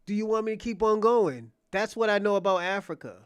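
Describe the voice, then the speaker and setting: A high-pitched, smooth male voice with lively intonation comes from a livestream host who speaks fairly quickly on a dry recording. He rants at his chat, mocking and provoking, cursing freely, repeating himself and restarting phrases.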